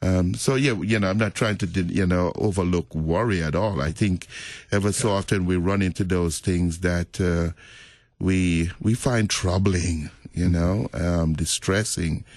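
A middle-aged man, a pastor, talking about faith in a relaxed, reflective, storytelling way. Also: low voice, unhurried, dry recording, clean studio sound. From Jamaica. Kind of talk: casual faith conversation.

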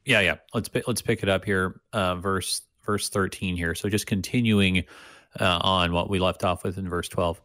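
A man's voice: sits low, steady tone, moderate pace, a bit bright, no room sound, studio quality. A man co-hosting a casual Bible discussion, talking with many restarts and fillers and reading passages aloud. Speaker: Bible study co-host.

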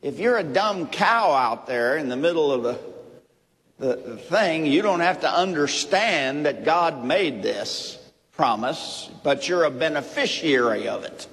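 Man giving a bible sermon, real slow and deliberate, repeats himself, long hall echo. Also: fairly high pitch, lively intonation, fairly bright tone. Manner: slow, deliberate, repeats key phrases, asks "okay?". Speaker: Bible teacher.

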